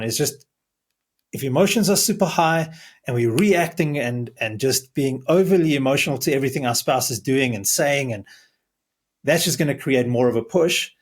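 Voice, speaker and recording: A man's voice: mid-range voice, breathy edge. A man who is a marriage coach, earnestly explaining advice in a podcast conversation. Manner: earnest, explaining, restarts words.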